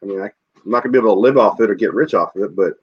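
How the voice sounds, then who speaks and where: Male podcast co-host, heated and profane, animated delivery, lo-fi muffled audio. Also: lowish voice, very fast, slightly rough. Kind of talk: casual podcast chat.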